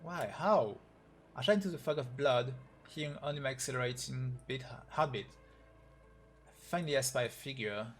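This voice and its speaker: A man's voice: medium pitch, normal speed, faint music behind. A man on a live stream reading a game's story aloud, voicing every character in his own voice and getting emotional.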